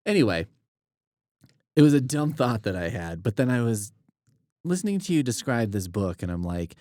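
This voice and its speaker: A man's voice: medium pitch, big pitch swings, normal speed, a little mellow, no echo, clean studio sound. A man co-hosting a casual book podcast, thinking aloud in rambling, self-deprecating tangents. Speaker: podcast co-host.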